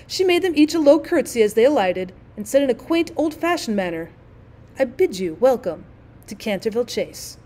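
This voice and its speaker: A woman with a somewhat high voice reads a classic short story aloud in a clear, expressive way. She narrates like a teacher guiding her class through an audiobook.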